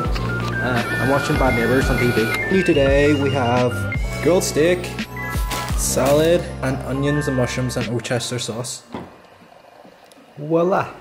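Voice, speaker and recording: A young man chatting casually in a vlog, cooing playfully at his dogs. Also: mid-range voice. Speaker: vlogger.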